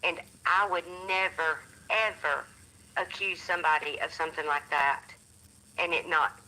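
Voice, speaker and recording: A woman calling in by phone, speaking firmly and in a measured way. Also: sits low, bright, forceful tone, rough recording. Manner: firm, measured denial. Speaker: caller. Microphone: phone call.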